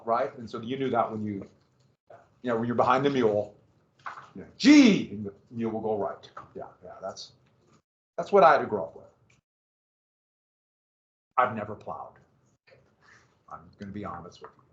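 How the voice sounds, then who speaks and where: A man's voice: medium pitch, a bit bright. A man teaching a history class, lecturing casually with asides and questions to his students. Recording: roomy, distant, dull classroom recording.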